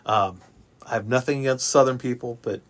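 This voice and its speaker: A man from Chicago, his accent softened by Kansas City, talks casually in a mid-range voice. He stumbles over and repeats his words, then shoots up in pitch when something surprises him. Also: fairly quick. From Chicago area. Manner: animated storyteller, restarts and repeats words, jumps up in pitch for emphasis. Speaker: guest traveling by RV. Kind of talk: casual chat.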